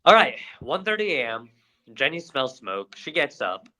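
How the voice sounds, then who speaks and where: A young adult man, a podcast co-host, retelling events in a casual, animated storytelling way. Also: medium pitch, normal speed, rough recording. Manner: animated retelling with acted-out quotes.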